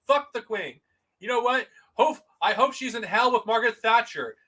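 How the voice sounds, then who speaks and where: Streaming alone, a man rants angrily in a very high, pushed, bright voice at a fairly quick pace. He swears heavily, stammers, stumbles over words and restarts as he repeats himself.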